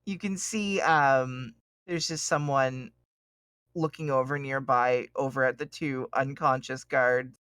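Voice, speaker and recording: A Canadian woman runs a tabletop game in a low, easygoing voice, hesitating with ums. She speaks close to a dry mic on an online call. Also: fairly even intonation, a little slow, fairly bright tone, dry recording. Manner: casual, laughing, hesitant with ums. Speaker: game master.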